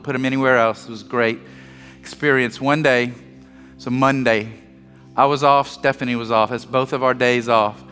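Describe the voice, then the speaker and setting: A man preaching from the pulpit, his bright, forceful voice sitting a little high. He tells a personal story with joking asides and acts out each line of dialogue. Long reverb from a large sanctuary carries him, with soft music underneath. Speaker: pastor. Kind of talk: sermon.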